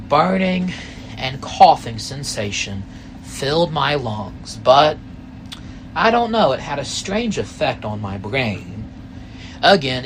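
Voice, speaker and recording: A man in his thirties telling a first-person story, rambling and halting, full of asides. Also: mid-range voice, a little hiss or hum.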